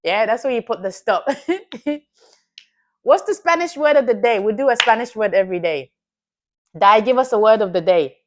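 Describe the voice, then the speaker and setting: Woman, stream host, casual chatty delivery, teasing and quick to laugh. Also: fairly high pitch, animated. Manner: laughs often, playful and teasing with chat. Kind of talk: casual live-stream chat.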